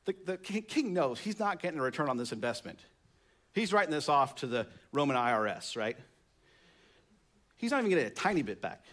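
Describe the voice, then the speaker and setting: A man's voice: on the high side, sing-song, brisk, fairly bright tone. A man preaching in a slightly raised voice. He reads scripture, then talks it through conversationally, pushing key words upward for emphasis. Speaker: pastor. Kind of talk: sermon.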